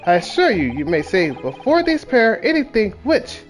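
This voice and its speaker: A man's voice: sits high, wildly swooping pitch, moderate pace, faint music behind, pitched above the performer's own voice. A man voicing a pompous, eccentric English male detective, reading game dialogue with grandiose theatrical flair.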